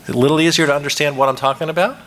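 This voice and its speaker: A man giving a lively lecture at a conference, asking the audience questions and acting out quoted lines. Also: fairly high pitch, racing. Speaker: conference speaker. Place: conference hall. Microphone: microphone. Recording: reverberant lecture hall.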